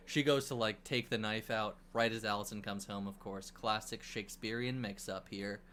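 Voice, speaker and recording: A man co-hosting a casual movie review podcast, recapping the plot in an animated way with swearing and acted-out quotes. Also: lowish voice, normal speed, slight background noise. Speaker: podcast co-host.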